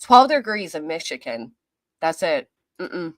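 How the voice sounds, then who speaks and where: A woman's voice: deep voice, very animated, unhurried, no room sound. Woman livestream host, casual and chatty, roll-call greetings, dry close sound. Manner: chatty and friendly, reading out viewer names. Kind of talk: casual chat greeting live viewers. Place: apartment.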